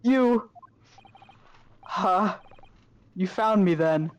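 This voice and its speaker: A woman's voice: medium pitch, very slow, rough recording. A woman voicing a dazed, panicky young man who wakes up handcuffed, reading with bewildered pleading.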